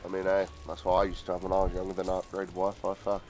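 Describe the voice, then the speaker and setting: A man's voice: low-pitched, completely flat delivery, quick pace, a little mellow. A British man chatting bluntly over a voice call, swearing casually. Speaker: stream guest, friend. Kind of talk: casual chat.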